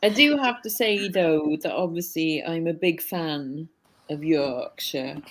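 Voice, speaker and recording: A woman's voice: deep voice, slow. A woman with a Northeast English accent joking around in a video call. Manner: joking, playful banter.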